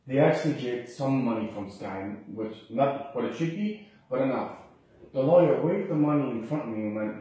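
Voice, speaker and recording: A man's voice: medium pitch, animated, normal speed, dark tone. A man from Canada, a patient talking to his doctor, agitated and rambling, often breaking off and restarting. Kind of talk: distressed complaint to a doctor. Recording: echoey room, far from the mic.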